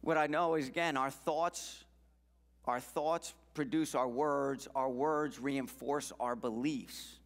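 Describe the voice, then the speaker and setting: Male guest speaker, emphatic motivational church talk, medium pitch, reverberant hall. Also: fairly even intonation, takes it slowly. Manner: earnest, emphatic, repeats phrases.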